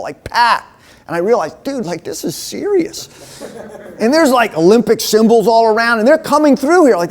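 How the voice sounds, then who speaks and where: A man giving a casual storytelling sermon to a men's group, chatty and lively, dropping to a hushed voice at times. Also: sits high. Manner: animated, chatty storyteller who drops to a hushed voice. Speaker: men's ministry speaker. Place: meeting room with a live audience.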